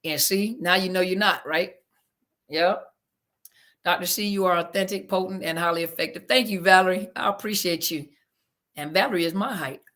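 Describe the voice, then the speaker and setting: A woman's voice: mid-range voice, fairly bright tone. A woman therapist hosting a live audio chat, answering listener comments and apologizing often after technical slips. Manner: apologetic, flustered, Southern-flavored casual speech. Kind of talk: casual live-stream chat, reading comments.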